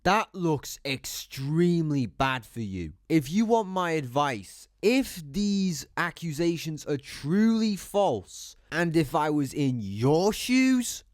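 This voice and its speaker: A man's voice: on the high side, very animated, takes it slowly, hardly any pauses, no room sound, studio quality. A man giving blunt, sarcastic commentary, swearing freely as he talks. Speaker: YouTube commentator. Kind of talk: opinionated commentary.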